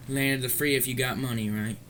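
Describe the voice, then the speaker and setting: A man's voice: medium pitch, fairly even intonation, brisk, fairly bright tone, slight background noise. A man ranting in a commentary vlog, angry, profane and rambling. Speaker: commentary vlogger.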